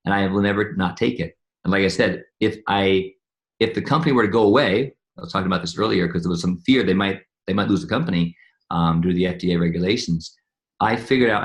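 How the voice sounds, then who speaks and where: Male interview guest, scientist type: rapid, gravelly, rambling, with lots of restarts. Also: on the low side. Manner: rambling storytelling with frequent restarts and repeated words. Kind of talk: casual conversational interview.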